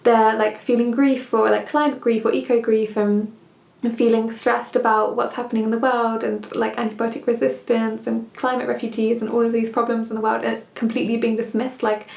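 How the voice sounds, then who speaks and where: A woman's voice: fairly high pitch, flat delivery, fairly quick, creaky, a little mellow, far from the mic. A woman hosting a casual political discussion, earnest and passionate. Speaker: video host. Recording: echoey room.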